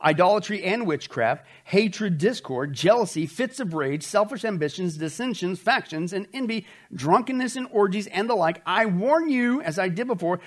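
A man preaching a Bible study, emphatic and folksy, asking his listeners questions and answering them himself. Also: high voice. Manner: folksy, says okay often. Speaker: pastor teaching a Bible study. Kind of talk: sermon.

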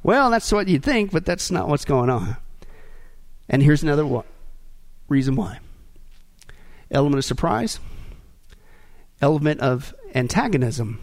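A middle-aged male pastor preaching a sermon with sarcasm, swinging between loud bursts and hushed asides. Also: fairly high pitch, very animated, a little slow, long pauses.

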